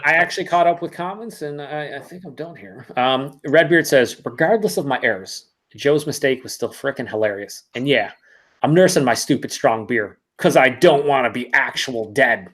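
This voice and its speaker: A man's voice: mid-range voice, normal speed, a bit bright. A man co-hosting a beer livestream, reading viewer comments aloud with wry, casual humor.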